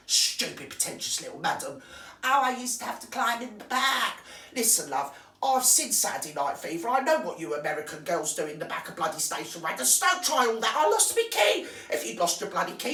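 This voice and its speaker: A woman's voice: fairly low pitch, fairly bright tone. A woman doing a crude, scornful comic rant about gossip. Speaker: comic character host. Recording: roomy, distant from the mic.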